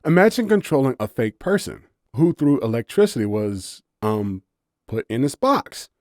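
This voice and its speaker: Guy doing a sarcastic young woman, blunt and kinda exasperated, lively swings, warm tone. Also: medium pitch, moderate pace, no echo, clean studio sound, voice pushed up, close to an everyday voice. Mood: explaining.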